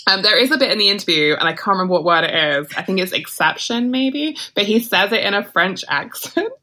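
Bright-voiced chatty woman. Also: mid-range voice, lively intonation, fairly quick. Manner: chatty, many "like" fillers, laughs often. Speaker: podcast co-host. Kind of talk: casual chat.

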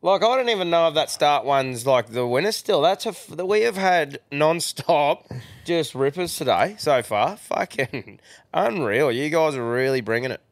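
A man's voice: on the high side, animated, dry recording. A man hosting a podcast, chatting casually, swearing often and laughing easily. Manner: laid-back, heavy swearing, quick to laugh. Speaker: podcast host. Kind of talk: casual chat.

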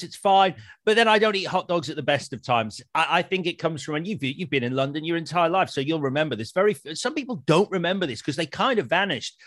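A man hosting a casual film chat, chatty and quick to laugh. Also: on the high side, a bit bright, dry recording, studio quality. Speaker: podcast host, film journalist.

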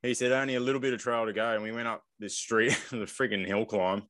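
A man's voice: mid-range voice, fast talker, dry recording. A man co-hosting a podcast, telling a race story with energy and acting out what others said. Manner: lively storyteller who acts out quoted speech. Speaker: podcast co-host and race pacer. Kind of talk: casual race recap chat.

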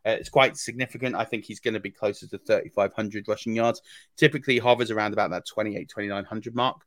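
Low-voiced man, halting podcast analysis. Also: fairly even intonation, dry recording. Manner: analytical, many ums and restarts. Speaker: fantasy football podcast co-host. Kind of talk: casual podcast chat.

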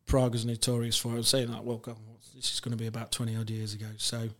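Guest voice: man, flat delivery, rambling storyteller with lots of fillers. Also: medium pitch, very fast. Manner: rambling, many fillers and restarts, laughs while telling stories. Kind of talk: casual chat, telling anecdotes.

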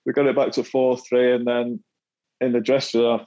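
A man's voice: mid-range voice, little pitch movement, normal speed, mellow, muffled recording. Laughing Mancunian man telling stories. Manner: self-deprecating, laughs often, repeats words. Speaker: guest, former footballer. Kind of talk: casual storytelling chat.

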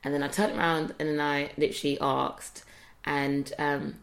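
Low gravelly woman chatting. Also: flat delivery, moderate pace. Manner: chatty, lots of fillers and restarts. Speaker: podcast co-host. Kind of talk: casual chat.

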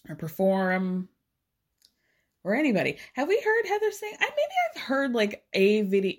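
A woman hosting a podcast, recapping a show in a chatty, sarcastic way with frequent laughs. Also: mid-range voice. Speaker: podcast host. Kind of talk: casual recap chat.

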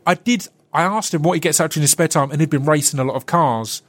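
A man's voice: fairly high pitch, fast talker. A man hosting a podcast in casual chat, with a stutter that catches on word starts. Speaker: podcast host.

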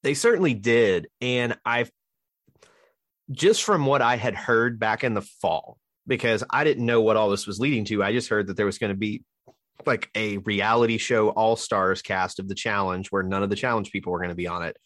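Low-voiced man hosting a podcast. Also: moderate pace, no room sound, clean studio sound. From Alabama. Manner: relaxed, chatty, plugs the show. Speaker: podcast host. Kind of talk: casual podcast chat.

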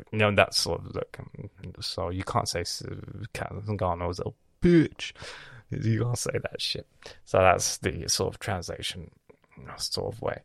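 Gravelly young man ranting. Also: low-pitched, no room sound, clean studio sound. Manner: animated, swearing, self-mocking. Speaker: podcast host. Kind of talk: casual storytelling monologue.

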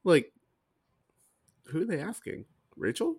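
A man's voice: on the high side, slow pace, breathy edge, no echo, studio quality. A man co-hosting a podcast, chatting casually and acting out characters' lines as he recaps. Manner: animated, mimics characters' lines. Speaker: podcast co-host.

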